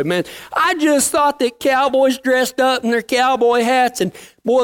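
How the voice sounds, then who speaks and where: A working cowboy telling stories casually, in a folksy, plain-spoken way with rural slang. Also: medium pitch. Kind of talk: casual storytelling.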